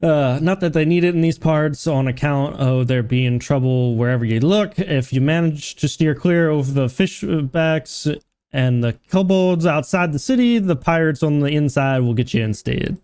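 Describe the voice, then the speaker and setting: A man's voice: on the high side, animated, moderate pace, a little mellow, smooth, no room sound, natural voice. A man voicing a hearty male tavern keeper as he reads game dialogue aloud, stumbling through it in a vague put-on accent. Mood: gruff, friendly.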